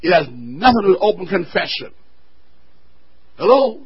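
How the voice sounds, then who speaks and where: A man preaching a sermon to his church, swelling to loud shouts and dropping to quiet asides. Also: sits high, very animated, normal speed, breathy edge, muffled recording. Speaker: pastor.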